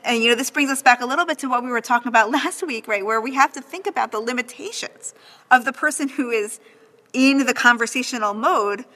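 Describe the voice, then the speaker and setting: Bright-voiced woman teaching, animated. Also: high-pitched, in a large hall. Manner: animated, frequent "right?" checks. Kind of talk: lecture on a text.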